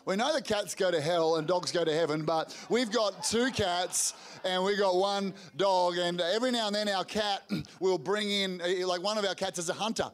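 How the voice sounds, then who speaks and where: A middle-aged man preaches to a congregation in a high, bright voice. He tells family stories energetically, stumbles and restarts, and acts out what people said. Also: clear, resonant tone. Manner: energetic storytelling with rapid restarts and acted-out quotes. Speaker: pastor. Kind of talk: sermon storytelling. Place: church hall before a congregation.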